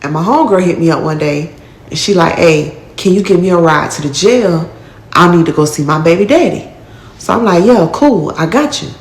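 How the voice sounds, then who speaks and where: Woman storyteller, lowish voice, blunt and profane, echoey room. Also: animated, normal speed. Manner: blunt, profane street talk with acted-out quotes. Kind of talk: casual first-person storytelling.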